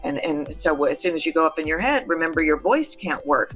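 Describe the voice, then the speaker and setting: A woman's voice: deep voice, expressive, fairly quick, few pauses, breathy edge, faint music behind. A middle-aged woman, a voice coach, answering interview questions in an emphatic, teacherly way. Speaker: voice coach guest.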